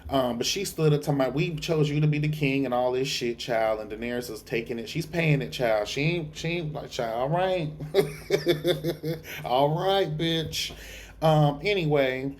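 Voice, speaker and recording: Rich: A tired man dishing on a TV episode with sassy, profane, gossipy flair. His voice sits at a middling pitch, with faint noise in the background. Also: unhurried. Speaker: TV reviewer. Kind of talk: casual review vlog. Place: dark room at home.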